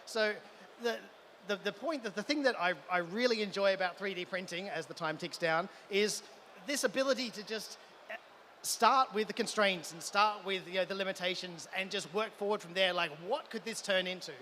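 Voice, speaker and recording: An Australian man speaks at a conference with eager enthusiasm, tripping over restarts as his ideas run ahead of him. His voice sits high and bright. Faint event ambience hums behind him. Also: normal speed, a little hiss or hum. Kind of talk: live conference talk. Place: event hall.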